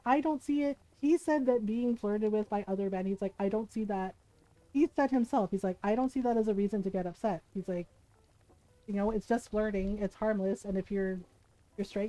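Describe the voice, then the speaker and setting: A woman's voice: fairly high pitch, dark tone, no room sound, poor audio. A middle-aged woman streaming, telling stories in casual chat and laughing often as she talks. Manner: chatty storyteller, laughs often.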